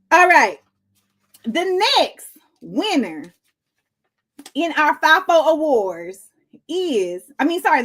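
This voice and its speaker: Breathless lady host riffing on the news, acts out everybody's lines, high and all over the place. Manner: animated storytelling with acted-out quotes. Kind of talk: comedic news commentary.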